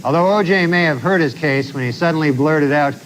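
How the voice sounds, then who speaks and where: A male comedian telling stand-up bits and mock news jokes in a deadpan, drawling way with wry asides. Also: on the high side, brisk. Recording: old TV audio with audience laughter and hiss.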